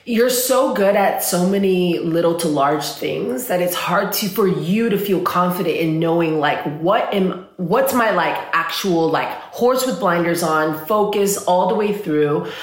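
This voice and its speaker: An animated woman coach with a fairly low voice, chatting casually and swearing freely. Her speech is full of "like" fillers and quick asides. The room around her is roomy and echoing. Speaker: spiritual and business coach. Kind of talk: casual podcast conversation.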